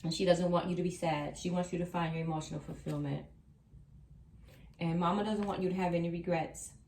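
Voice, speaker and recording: This woman's tarot reading comes in a lowish, slightly mellow voice, brisk and fairly even in tone. She reassures viewers and repeats her key lines emphatically, recorded on a distant mic that sounds roomy, with slight background noise.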